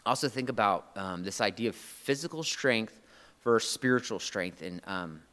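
A man's voice: lowish voice, expressive, moderate pace, fairly bright tone, in a large hall. A man preaching a sermon, earnest and emotional, often restarting his phrases.

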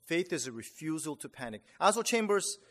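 A man preaching a sermon in a conversational, animated way, with fillers and restarts, sometimes acting out his own reactions. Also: brisk. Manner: animated, acts out reactions with rising pitch. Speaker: pastor. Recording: long hall reverb.

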